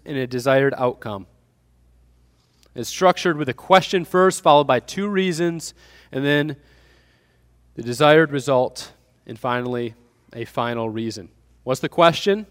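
Preaching man with a higher voice. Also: long reverb tail. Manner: preaching with rising emphasis, rhetorical questions to the congregation. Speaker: pastor. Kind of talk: sermon.

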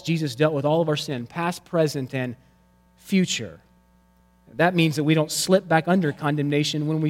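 A man preaching from the pulpit with a high-pitched voice, his words ringing out in the long reverb of a large hall. He swings from forceful emphasis down to near-whispered lows, a dynamic sermon delivery. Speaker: pastor.

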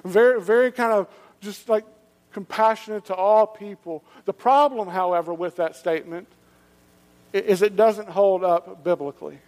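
A man preaching a sermon as pastor, animated and conversational, asking the listeners rhetorical questions. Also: high voice, moderate pace, long reverb tail.

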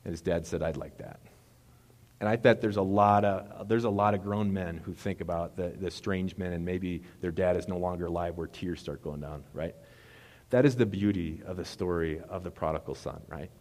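A man preaching a sermon in a relaxed, conversational way, retelling movie scenes and correcting himself as he goes. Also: low-pitched, normal speed. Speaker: pastor. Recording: long reverb of a hall.

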